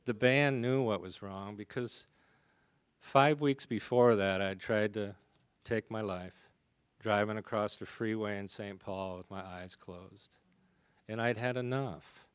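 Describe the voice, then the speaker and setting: Male recovery speaker, low clear voice, confessional and funny. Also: fairly even intonation, measured pace, no room sound. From American. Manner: humorous, confessional storytelling. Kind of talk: storytelling recovery talk. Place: conference hall.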